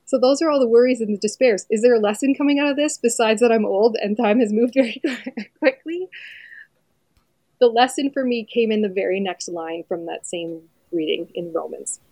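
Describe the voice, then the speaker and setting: A woman in her forties, a mother, talking earnestly and reflectively about her faith on a podcast, with soft laughs along the way. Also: on the high side, normal speed, dry recording.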